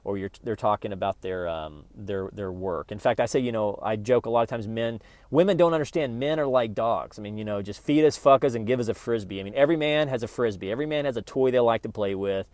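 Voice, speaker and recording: A middle-aged man with a fairly low voice talks to his channel viewers about spiritual growth. He is loose and conversational, cracks jokes and often restarts his sentences. The recording sounds close and dry. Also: fast, hardly any pauses, darkish tone, no room sound. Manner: conversational and joking, with frequent restarts. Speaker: YouTube channel host. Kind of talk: casual spiritual self-help talk.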